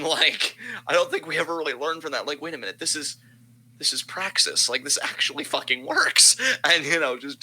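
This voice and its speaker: A man co-hosting a casual podcast, with a very bright, sharp-edged voice at an ordinary middle pitch. He rants with emphasis and swears freely as he talks. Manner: profane, emphatic ranting. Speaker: podcast co-host.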